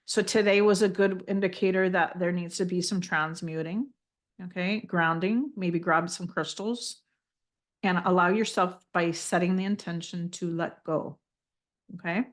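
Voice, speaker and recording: Woman healer guiding a session, gentle and reassuring, slightly low voice. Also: steady tone, unhurried. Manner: gentle, reassuring, often checks in with "okay?"; calls listener "honey". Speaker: spiritual energy healer. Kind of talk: guided healing session.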